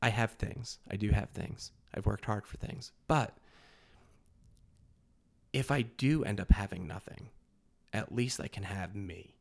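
Man, podcast guest, lowish voice; blunt, profane, laughs a lot. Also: unhurried, creaky, pauses often. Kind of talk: candid podcast conversation.

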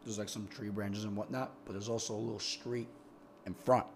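A man's voice: lowish voice, steady tone, fairly quick, a little hiss or hum. A young man telling a long, rambling, profane story in casual podcast chat, often repeating words as he gets going. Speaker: podcast guest.

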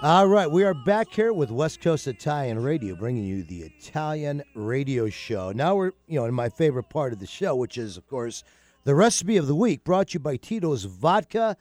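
A man's voice: fairly high pitch, big pitch swings, normal speed, a little mellow, no room sound. A man hosting a radio show, chatting casually and joking with plenty of fillers. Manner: chatty, jokey, lots of fillers. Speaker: radio host.

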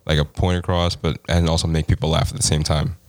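A man with a very deep voice chatting casually with friends, agreeable and quick to back the others up. The recording is close and dry with no room sound. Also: little pitch movement, no echo. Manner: agreeable, frequent "yeah, yeah" backing. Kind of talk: casual chat.

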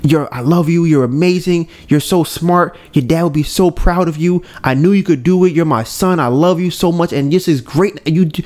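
A man's voice: a little high, normal speed, few pauses, a little mellow, voice pushed up, close to an everyday voice. A man doing a gushing, scolding anime mom. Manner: gushing, then scolding in a rush. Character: doting then furious mother, middle-aged woman.

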